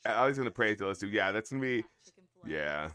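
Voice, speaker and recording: A man's voice: lowish voice, lively intonation, a little fast, sharp tone. A man hosting a live stream, chatting casually with his viewers and joking as he explains the sport. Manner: chatty, joking, addresses chat as y'all. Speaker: livestream host. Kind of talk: casual watch-along chat.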